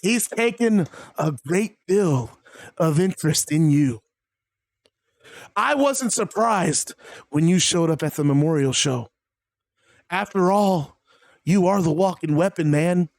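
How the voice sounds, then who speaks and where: A man voicing a creepy, menacing male wrestler cult leader, speaking slowly and ominously in a dry, close voice. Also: high-pitched, lively intonation, no echo, heavily acted. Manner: slow, ominous, taunting with "man".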